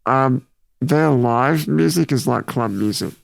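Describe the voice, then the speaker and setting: A man's voice: mid-range voice, unhurried, creaky, no room sound. A young man, co-hosting a casual podcast chat about music with brief, laid-back remarks. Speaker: podcast co-host.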